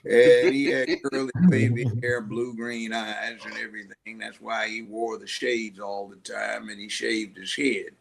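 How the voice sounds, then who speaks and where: A man's voice: fairly low pitch, a little slow, vocal fry, hardly any pauses. An older man telling long stories as a guest in an interview, acting out voices as he goes. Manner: animated storyteller who acts out voices. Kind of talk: storytelling interview.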